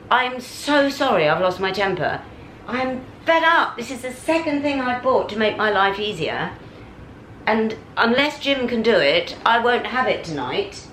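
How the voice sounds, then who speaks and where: A middle-aged British woman talking to camera in a casual vlog, ranting animatedly with big swings in pitch. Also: animated, unhurried, a bit bright, slight background noise, poor audio. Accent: British English. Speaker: vlogger. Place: at home and out on a city street.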